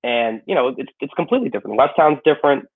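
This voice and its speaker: A man's voice: mid-range voice, animated, fast talker, husky. A man with a Chicago accent in a casual podcast chat, rambling with lots of "you know" and swearing. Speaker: comedian moving cities. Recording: tinny phone-like sound.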